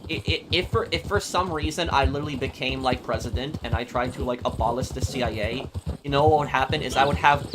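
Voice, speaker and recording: A man streaming a game, chatting casually and answering super chats in a halting, opinionated, rambling way. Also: medium pitch, noisy background. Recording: game sounds with horses behind.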